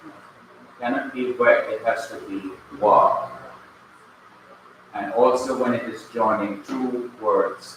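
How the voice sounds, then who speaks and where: Male instructor from Jamaica, deliberate lecture pace, faint background hiss. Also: on the low side. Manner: slow, patient, repeats key points. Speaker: Bible language teacher. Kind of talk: classroom lecture. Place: classroom. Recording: echoey classroom, mic at a distance.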